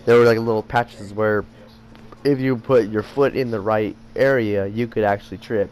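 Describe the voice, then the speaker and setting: A man's voice: lowish voice, fairly even intonation, normal speed, a little mellow. A teenage boy rambling through a story about his school day, with many fillers and restarts. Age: teens. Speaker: vlogger. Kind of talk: casual storytelling vlog.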